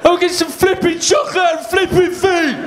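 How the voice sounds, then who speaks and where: A man shouting as a drunk raging at a machine. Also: very high-pitched, flat delivery, normal speed, reverberant, pitched above the performer's own voice. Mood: drunken rage. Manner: shouting, with a minced oath in place of swearing. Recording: live show with loud crowd laughter.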